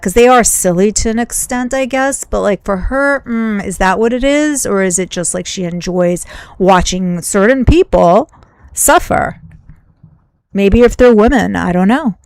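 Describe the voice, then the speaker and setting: A woman's voice: medium pitch, clear, resonant tone, no room sound. A woman hosting a commentary video, thinking aloud in a casual, musing way with lots of "like"s. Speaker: commentary host.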